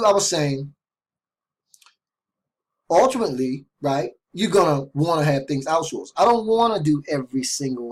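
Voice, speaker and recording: Husky-voiced man giving a chatty sales pitch. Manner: repetitive, chatty, keeps asking "right?"; restarts and stumbles over words. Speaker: online marketing vlogger. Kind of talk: casual direct-to-camera sales talk.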